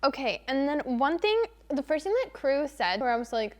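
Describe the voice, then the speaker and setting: A young woman vlogger chatting casually through a book review, animated and exasperated, leaning hard on "literally" and "like.". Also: high voice, moderate pace. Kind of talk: casual spoiler-free book review chat.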